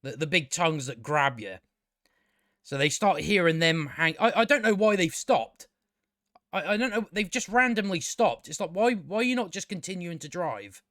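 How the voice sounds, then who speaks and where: A man's voice: high voice, expressive, normal speed, a bit bright, dry recording, clean studio sound. A man giving a casual, exasperated review, swearing freely and restarting his sentences with stammers. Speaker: show reviewer. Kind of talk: casual ranting review commentary.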